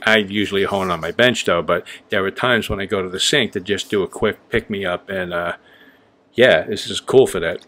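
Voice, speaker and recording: A man's voice: on the low side, a bit bright. A man talking casually on a vlog, blunt and rambling, swearing freely and filling gaps with "um" and "like". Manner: loose and rambling with many fillers. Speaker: vlogger honing straight razors.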